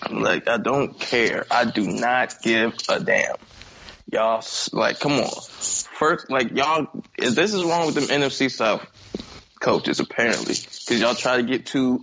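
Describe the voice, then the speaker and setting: A man's voice: medium pitch, animated, measured pace, a bit bright, muffled recording, slight background noise. A man co-hosting a casual sports chat, ranting bluntly and swearing freely. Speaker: podcast co-host.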